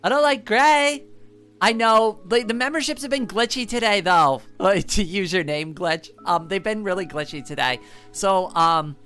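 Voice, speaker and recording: A woman's voice: medium pitch, normal speed, a bit bright, faint music behind. A woman live streamer in casual chat, handing out friendly advice in a chatty, playful way, often laughing and tagging lines with "right?". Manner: chatty, peppers speech with "like" and "right?".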